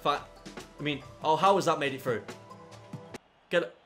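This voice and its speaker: A young man commentating his own football video game, swinging from low muttering to loud yelling. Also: normal speed, faint music behind. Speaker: gaming YouTuber. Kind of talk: live gameplay commentary.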